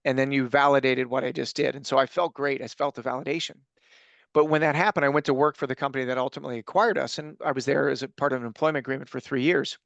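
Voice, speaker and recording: A man's voice: mid-range voice, fairly even intonation, fast, gravelly, fairly bright tone, no room sound, muffled recording. A man as a podcast guest, talking casually and telling his story in an earnest, reflective way. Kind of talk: casual conversation.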